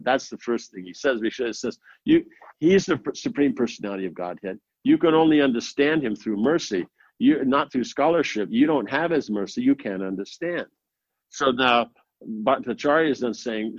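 A man's voice: medium pitch, expressive, moderate pace, slightly rough, no echo. Man lecturing on scripture, rambling. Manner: rambling, many "you know" fillers, rhetorical asides. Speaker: scripture class teacher. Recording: dull, dry lo-fi audio.

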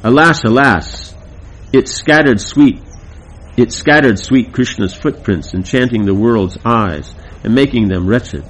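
A man's voice: mid-range voice, measured pace, natural voice, poor audio. A man reading aloud the part of a lovesick young woman in a devotional play, lamenting.

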